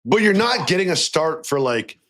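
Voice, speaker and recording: A man with a voice on the high side, speaking at normal speed, co-hosts a casual basketball podcast. He talks animatedly about the sport and acts out quotes he imagines players saying.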